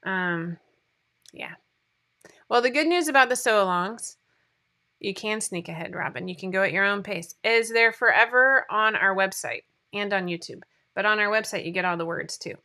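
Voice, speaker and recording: A woman's voice: mid-range voice, normal speed, bright, forceful tone. A woman hosting a casual livestream, chatting, rambling and laughing at herself as she reads viewer comments. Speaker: sewing pattern designer hosting a livestream.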